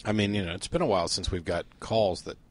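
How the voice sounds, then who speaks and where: A man co-hosting a podcast, talking in a measured, thoughtful way in casual chat. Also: low-pitched. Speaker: podcast co-host.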